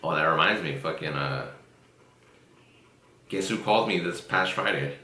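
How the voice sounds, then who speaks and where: A man's voice: low-pitched, normal speed, sharp tone. A man hosting a casual podcast chat, swearing freely and laughing often as he tells stories. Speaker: podcast host. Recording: roomy echo.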